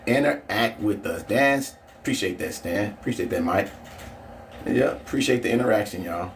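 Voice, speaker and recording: A man's voice: on the low side, expressive, moderate pace, slight background noise. St. Louis man, live-stream host, calls races with hype, recorded from a distance outdoors. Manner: chatty, hypes up races, shouts out viewers. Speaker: livestream host. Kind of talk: casual live commentary. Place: outdoors at a drag strip.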